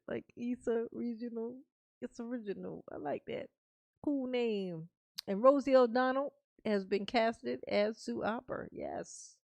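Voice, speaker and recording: A woman's voice: mid-range voice, gravelly, a little mellow, no echo. A woman hosting a casual live stream, reading chat aloud, playful and laughing as she muses. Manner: playful, laughing, drawn-out musing. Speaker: livestream host reading chat.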